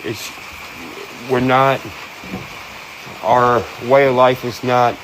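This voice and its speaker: Southern man, mid-pitched, blunt folksy monologue, steady noise behind. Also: very slow. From American South. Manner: blunt, folksy, plain-spoken. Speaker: host. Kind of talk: casual monologue.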